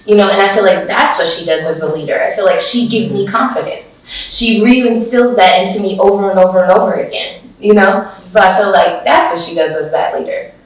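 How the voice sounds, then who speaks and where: A woman agent in a panel talk, speaking warmly and repetitively in praise of her team leader. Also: medium pitch, brisk. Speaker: real estate agent. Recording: echoey room, mic far off.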